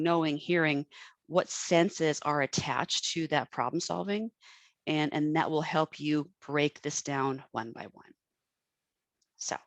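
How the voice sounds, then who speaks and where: A woman talking through her own stress and how she calms down, earnest and full of restarts, like a coach working it out aloud. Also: low-pitched, no echo. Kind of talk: self-help talk.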